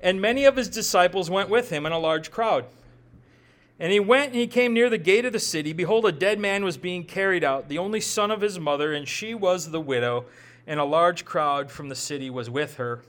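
A man's voice: sits high, fairly quick, a bit bright. A man with a Midwestern accent preaching a sermon as pastor, conversational, often repeating words as he thinks aloud and adding joking asides.

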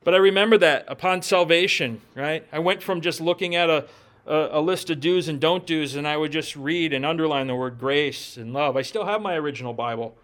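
A pastor delivers a heartfelt sermon in a voice that sits somewhat high for a man. He speaks earnestly and warmly encourages his listeners, leaning into each point with sincere conviction. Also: a little fast.

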